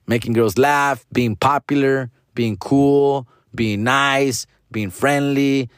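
A man's voice: mid-range voice, no room sound, studio quality. A middle-aged man hosting a casual podcast monologue, talking in a slangy, profane, rambling way and mixing in Spanish words. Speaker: podcast host.

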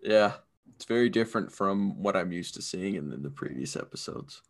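A man co-hosting a podcast, chatting in a relaxed, rambling way with lots of fillers. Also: low-pitched, normal speed. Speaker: podcast co-host. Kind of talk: casual chat.

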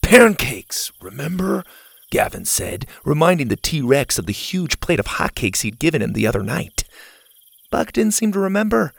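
A man narrating a children's adventure story in an expressive, animated way. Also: fairly high pitch, normal speed, vocal fry, no echo.

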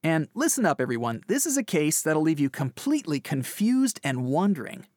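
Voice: medium pitch, big pitch swings, normal speed, a little mellow, no room sound, clean studio sound. Teasing skeptical podcast co-host. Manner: skeptical, teasing, playful interruptions. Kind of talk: casual podcast banter.

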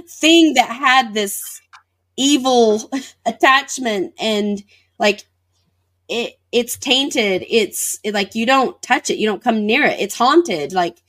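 A woman's voice: on the high side, slow pace, pauses often, fairly bright tone. Woman telling a personal story. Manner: vivid retelling with acted-out dialogue. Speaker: interview guest.

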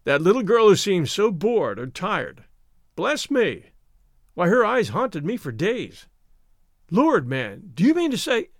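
A man's voice: high-pitched, wildly swooping pitch, takes it slowly, no room sound, clean studio sound, heavily acted. A man voicing a mocking, easygoing Irish young man in a storybook reading, teasing and patronizing.

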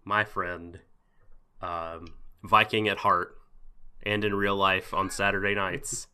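A man's voice: low voice, level tone, takes it slowly, sharp tone, clear, resonant tone. A man hosting a podcast in a jokey, rambling casual chat with lots of fillers. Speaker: podcast host.

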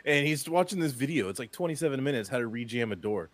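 A man from South Florida co-hosting a casual show, telling stories with swearing and quick laughter. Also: medium pitch, expressive, no room sound. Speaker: co-host reacting to a video. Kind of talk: casual profane storytelling.

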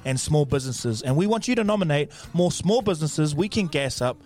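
A man with a New Zealand accent co-hosting a casual show, laid-back and quick to laugh, often tagging lines with "eh". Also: a little high, animated, a little mellow. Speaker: podcast co-host. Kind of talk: casual banter.

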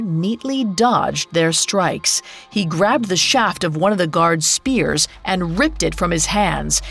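A woman narrates a fairy tale in a measured, unhurried way, her voice sitting low. The delivery is slow and steady, like scripted storytelling. Faint music plays beneath her. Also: creaky.

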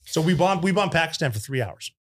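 Blunt, profane veteran man, higher voice. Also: expressive, fast, fairly bright tone, slightly rough. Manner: acts out voices in anecdotes. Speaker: military veteran guest. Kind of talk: casual war storytelling.

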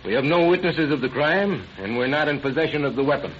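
Man playing a detective partner, practical, steady, 1940s radio drama, lo-fi. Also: on the high side, fast, a little hiss or hum, lightly acted. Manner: level, practical. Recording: muffled old radio broadcast.

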